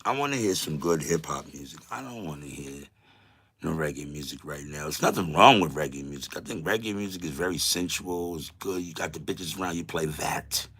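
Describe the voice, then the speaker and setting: Man, live stream host, casual commentary, profane ranting, bright forceful tone. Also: very deep voice, a little fast, husky. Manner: loud, profane, animated ranting.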